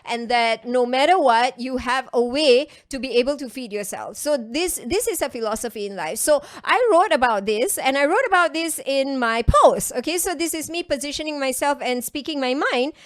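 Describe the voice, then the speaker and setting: A woman's voice: high voice, animated, moderate pace, hardly any pauses. A woman with a Singaporean English accent gives a chatty coaching talk to an online class, stressing points by repeating phrases.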